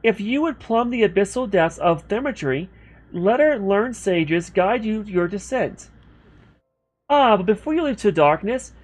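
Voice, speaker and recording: A man's voice: high voice, voice pushed up. A man voicing a formal young woman guild receptionist, reading game dialogue in a grand, theatrical way.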